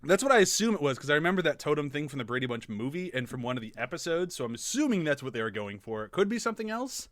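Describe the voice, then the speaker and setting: Lively, bright-voiced man podcasting. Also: a little high, very fast, few pauses, no room sound, studio quality. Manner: animated, laughs often, swears freely. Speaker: podcast co-host. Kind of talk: casual podcast chat.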